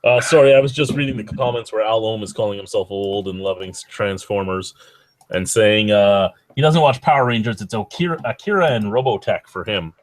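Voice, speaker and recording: A man's voice: fairly low pitch, fairly quick, no echo. A man co-hosting a casual podcast, reading news items aloud with a rambling, stop-and-start manner. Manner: rambling, lots of fillers and restarts while reading. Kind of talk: casual chat.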